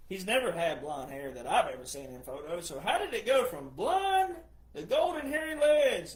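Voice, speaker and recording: A man hosts his own opinion show, scornful and mocking as he talks. His voice sits high for a man and moves between muttered asides and loud outbursts. The room around him is echoey. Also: sing-song, normal speed. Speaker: political commentator host. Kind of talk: opinionated casual monologue.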